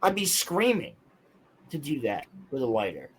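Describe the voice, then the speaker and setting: A young man telling a strange personal story in casual podcast chat, excitable, insistent and full of swearing. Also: medium pitch, normal speed, slight background noise, poor audio.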